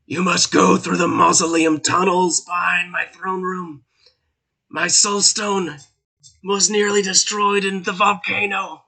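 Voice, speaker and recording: Man voicing a shouting dark lord spirit. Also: high voice, creaky, voice pushed up, full character voice. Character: dead dark lord spirit, male, commanding.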